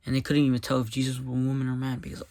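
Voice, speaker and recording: Man, gravelly and mellow, reads scripture aloud and stops often to preach about it in a folksy, plain-spoken way. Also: medium pitch, monotone, racing. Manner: breaks off reading to comment emphatically, folksy. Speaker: Bible reader and commentator. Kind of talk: casual devotional Bible reading with commentary.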